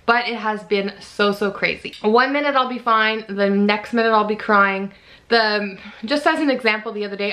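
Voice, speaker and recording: A woman in her thirties chatting casually in a vlog, emotional and quick to laugh, sounding tired. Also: mid-range voice, bright, forceful tone. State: fatigued. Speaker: vlogger.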